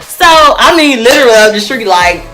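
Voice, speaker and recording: A young woman telling a personal story to her viewers in a casual, animated way, often calling them y'all. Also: a little high, normal speed, music in the background.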